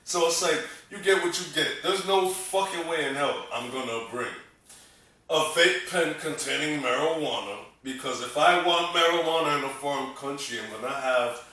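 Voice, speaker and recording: A man's voice: a little high, normal speed, sharp tone. Blunt, profane man, echoey room. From Massachusetts. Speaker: comedian and podcast co-host. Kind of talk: casual chat. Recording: echoey room, distant mic.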